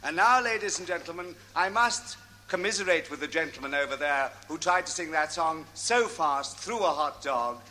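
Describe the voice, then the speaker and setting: Male stage compere with ornate, pompous delivery; keep it high and sharply bright. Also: expressive, normal speed, slight background noise. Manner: florid, pompous wordplay with grand flourishes. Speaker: music hall chairman. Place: theatre stage before a live audience.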